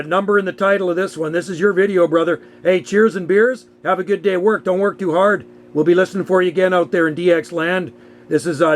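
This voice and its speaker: A man talks into his station microphone in a rather high, even voice that barely rises or falls. He sounds easygoing and friendly, like a ham operator chatting with a regular contact. A faint hiss sits under his voice. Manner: easygoing, friendly, signs off with catchphrases. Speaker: amateur radio operator and video maker. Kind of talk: casual on-air radio chat. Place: home radio station on an island. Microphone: station microphone, filmed on a handheld camera.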